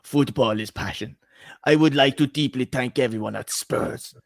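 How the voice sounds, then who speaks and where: A man putting on a mock Italian football coach accent while reading a farewell statement, halting as he slips out of the accent. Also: medium pitch, creaky, dry recording, studio quality. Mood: mock solemn.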